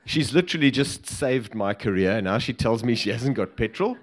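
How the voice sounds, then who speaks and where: This former bodyguard from Africa has a medium-pitched voice and talks at normal speed. He tells a humorous story to a live crowd in a lively way, laughing along with it himself.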